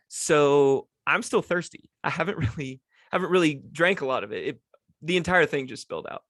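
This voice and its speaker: Speaking a little fast in a somewhat high, expressive voice with a fairly bright tone, the host recounts a childhood memory on his podcast. It's a rambling, self-deprecating storytelling monologue full of restarts, captured dry in a home setup.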